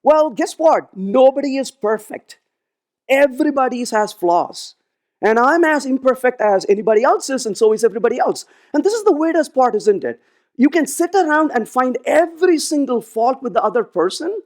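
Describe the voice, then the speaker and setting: On a conference stage, a man with an extremely high voice gives a keynote at a moderate pace. He tells stories animatedly and acts out the dialogue in them.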